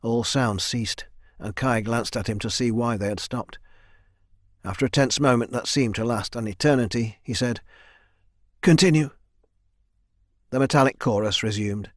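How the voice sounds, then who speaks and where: In a medium-pitched voice that sits in a middle range, a male narrator reads a fantasy audiobook from a script, steady and measured. It was recorded dry and close in a studio booth, with no echo.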